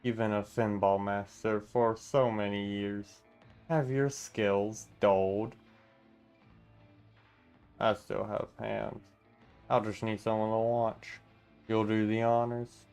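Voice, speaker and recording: Guy reading a game story out loud, slow and smooth, kinda low, faint music in the back. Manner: reads all parts in a steady, mostly plain voice with asides. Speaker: channel host reading a game story aloud.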